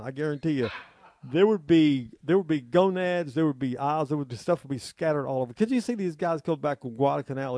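A man's voice: mid-range voice, vocal fry, dark tone, dry recording, clean studio sound. An older man hosting a radio show in casual chat. He talks in a folksy, rambling way and laughs often. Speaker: radio host. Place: radio studio.

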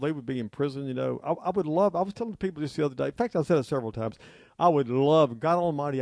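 A man's voice: mid-range voice, vocal fry, a little mellow, dry recording, clean studio sound. An older man hosting a radio show in casual chat. He talks in a folksy, rambling way and laughs often. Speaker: radio host. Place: radio studio.

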